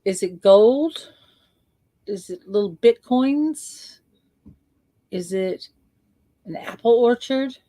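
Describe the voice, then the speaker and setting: A woman coach leading a guided visualization, slow and playful, repeating words for emphasis. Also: mid-range voice, expressive, mellow, dry recording.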